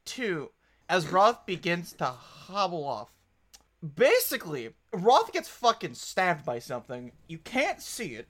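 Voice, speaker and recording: A man's voice: high-pitched, big pitch swings, a little slow, fairly bright tone. A man narrating as game master of a tabletop game, with a wry, mock-pompous manner.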